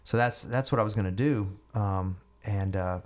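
A man's voice: fairly low pitch, normal speed. A middle-aged male musician, a podcast guest, telling stories in a chatty way, often repeating words and acting out conversations. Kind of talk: storytelling in a podcast interview.

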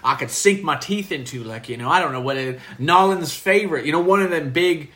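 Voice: medium pitch, expressive, fairly quick, fairly bright tone, natural voice. A podcaster playing brash swaggering Jovi. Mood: blustering. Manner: blustering, pushy, rambling. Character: loud swaggering male New Orleans tourist. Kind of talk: improvised comedy sketch.

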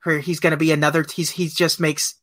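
A man's voice: fairly high pitch, little pitch movement, a little fast, a bit bright. A man co-hosting a podcast, chatting casually about a film, rambling with many fillers and frequent laughter. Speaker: podcast co-host.

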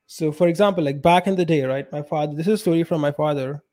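A man talks bluntly on a casual podcast, and his voice sits a little high. The tone is soft and mellow rather than bright. He gives his opinions without softening them. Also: quick pace. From India. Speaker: podcast co-host. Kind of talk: casual chat.

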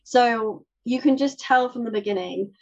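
A young woman co-hosting a film podcast, chatting in an animated way with lots of fillers and laughs. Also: fairly high pitch, moderate pace. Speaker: podcast co-host. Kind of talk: casual chat. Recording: slightly dull lo-fi audio.

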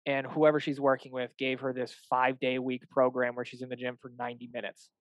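A man's voice: mid-range voice, monotone, a little fast, no echo, lo-fi sound. A young adult man, a fitness coach, chatting casually and animatedly, acting out little dialogues with clients and swearing now and then. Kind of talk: casual podcast chat.

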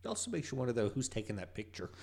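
A man co-hosting a podcast, tossing in quick joking quips and laughing. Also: mid-range voice, wildly swooping pitch, vocal fry, darkish tone. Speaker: podcast co-host. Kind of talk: casual chat.

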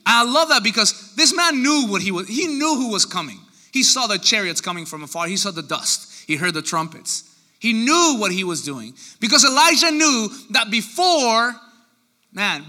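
A man preaching with a high, very bright and forceful voice. He is animated, jumping into little acted-out voices of the people in his story. His delivery is that of a lively sermon. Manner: animated, acts out quoted voices. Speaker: pastor.

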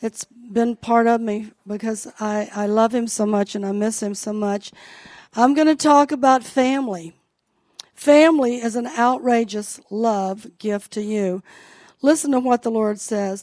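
A woman's voice: a little high, steady tone, measured pace, darkish tone, no room sound. Heartfelt woman pastor, dry sound. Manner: heartfelt, emotional, speaks to the congregation directly. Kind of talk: sermon.

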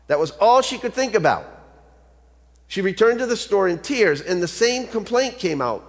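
A man pastor preaching a sermon in a relaxed, storytelling way, talking to his congregation. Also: fairly high pitch. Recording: long reverb of a large hall.

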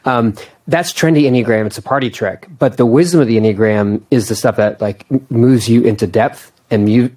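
A man in his thirties hosts a relaxed podcast conversation. His voice sits in an ordinary middle register, and he talks in a loose, chatty way with self-mocking asides. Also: medium pitch, husky. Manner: chatty and self-deprecating, laughs often. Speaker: podcast host. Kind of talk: casual conversation.

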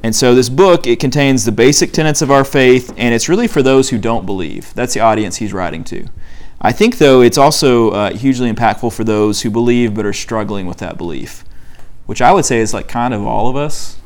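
A young man leads a book discussion as a study group leader, teaching casually in a loose, conversational way with many fillers and reading quotes aloud. His mid-range voice is expressive, a little mellow, and a little fast.

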